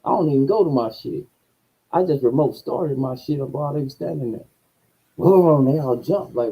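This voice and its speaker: A man telling a profane story in a casual rant, his voice swinging between low mutters and loud outbursts. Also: sing-song, moderate pace, breathy edge, low-quality recording. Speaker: streamer.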